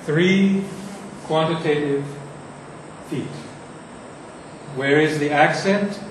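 Slow, deliberate man lecturing on poetry. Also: fairly high pitch, noisy background. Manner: slow, deliberate, recites lines with heavy emphasis. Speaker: poetry teacher. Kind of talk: lecture on reading verse aloud. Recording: echoey room from far off.

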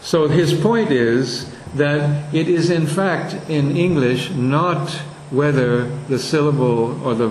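A man teaching a lesson on verse meter, slowly sounding out and repeating words to show where the stress falls. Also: mid-range voice, a little mellow, reverberant, a little hiss or hum, low-quality recording.

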